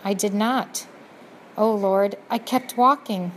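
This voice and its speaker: A rough-spoken old prisoner, worn down and remorseful, talks in plain broken grammar with sniffs between words, as a woman reading the storybook puts him on. The voice sits near a middle pitch, with faint noise underneath. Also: slow, close to an everyday voice. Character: poor, remorseful older male prisoner.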